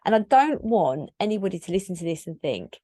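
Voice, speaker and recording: Speaking briskly in a lowish, dark voice with a sing-song lilt, a woman in her thirties rambles through her solo podcast, candid and reflective and full of "like" fillers. It's a dry recording with clean studio sound.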